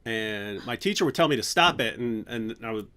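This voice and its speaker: Animated male livestream host. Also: mid-range voice, normal speed, a little hiss or hum. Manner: animated, playful, frequent restarts. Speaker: channel host. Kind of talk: casual livestream chat.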